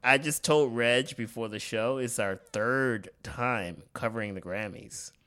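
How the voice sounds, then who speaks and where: Man, bright smooth voice, casual podcast chat, rambling, says "like" a lot. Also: medium pitch, a little slow. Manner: rambling, full of "like" and laughs. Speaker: podcast co-host.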